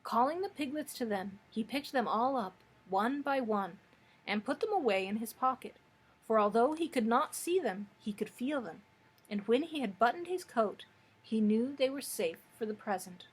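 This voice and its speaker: A woman who works as a librarian, reading a children's book aloud with steady, expressive storytelling. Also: a little high, moderate pace, breathy edge.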